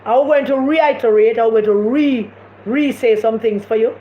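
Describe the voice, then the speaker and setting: A woman's voice: on the high side, normal speed. A woman with a Jamaican accent giving impassioned political commentary on a live stream, repeating her points with emphasis. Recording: echoey room, dull lo-fi sound, faint noise.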